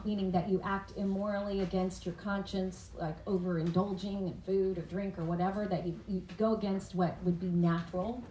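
A woman's voice: medium pitch, darkish tone. A woman teaching a Bible study, earnest and conversational, often asking the listeners questions. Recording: echoey room, faint background noise.

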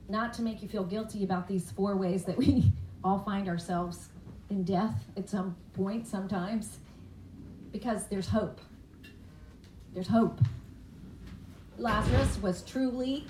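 A woman's voice: medium pitch, mellow. A woman teaching a Bible study, earnest and conversational, often asking the listeners questions. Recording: echoey room, faint background noise.

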